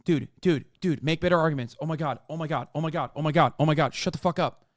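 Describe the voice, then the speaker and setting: Profane ranting male streamer, bright tenor. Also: fairly high pitch, fast talker, dry recording, studio quality. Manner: profane, combative, yells at chat. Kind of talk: live stream reaction rant.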